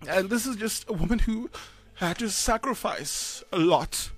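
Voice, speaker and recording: A South African man in his thirties, a radio co-host, telling a personal story in a halting, choked-up way with sighs and fillers. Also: high voice, fairly bright tone, faint music behind. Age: 30s.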